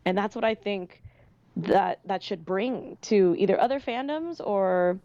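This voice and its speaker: A woman on a casual fan podcast, talking at length in an animated, rambling way with many fillers. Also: mid-range voice, measured pace, dry recording. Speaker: podcast panelist. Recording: dull lo-fi dry sound.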